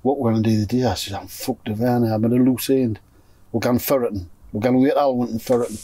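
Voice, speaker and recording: In a pigeon loft, a North East England man with a Geordie accent spins a long yarn for his friends, speaking fast in a warm, medium-pitched, fairly even voice. He swears nonstop and performs what each person said.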